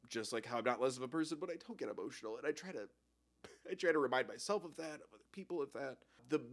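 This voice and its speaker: A young man hosting a casual reaction video, emotional and openly moved, swearing often and laughing between his words. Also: mid-range voice.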